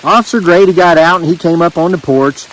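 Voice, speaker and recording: A man's voice: a little high, fairly quick, low-quality recording. A man reads a story aloud outdoors in the rain, in a folksy, joking drawl. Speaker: homesteading channel host.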